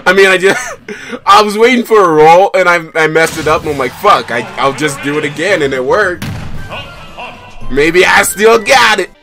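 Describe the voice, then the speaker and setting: A young man giving loud, excitable live commentary while playing a fighting game, swearing and laughing as he plays. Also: high voice, slow, gravelly, long pauses. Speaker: gaming YouTuber. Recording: game music playing behind.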